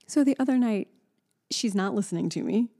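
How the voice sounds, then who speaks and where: A woman's voice: medium pitch, lively intonation, fairly quick, dark tone. A pregnant woman in her thirties co-hosting a podcast, chatting casually and telling stories animatedly, sometimes voicing her toddler. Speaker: podcast co-host. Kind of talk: casual chat.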